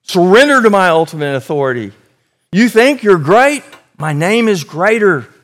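Man doing a stern commanding God, loud forceful declarations, raised fairly high voice. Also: big pitch swings, moderate pace. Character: commanding God rebuking the proud nations.

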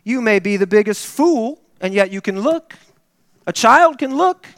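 A man's voice: high voice, expressive, measured pace, fairly bright tone, clean studio sound, voice pushed up. A man voicing a plain-spoken, fervent male lay preacher who pleads urgently and repeats his words. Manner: impassioned and emphatic, repeating words. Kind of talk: acted quote within a sermon. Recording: reverberant hall.

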